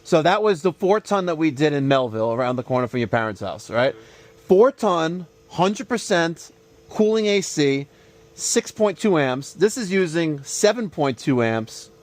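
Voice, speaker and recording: Salesy pitchman HVAC guy, slightly high voice. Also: very animated, moderate pace. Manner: salesy infomercial pitchman patter. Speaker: HVAC contractor and show host. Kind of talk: casual on-the-job vlog talk. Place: residential installation job site.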